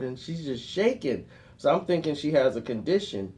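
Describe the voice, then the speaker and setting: A man telling a funny personal story in a casual, animated way, laughing often. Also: fairly high pitch, moderate pace. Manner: animated, laughs often, acts out others' lines.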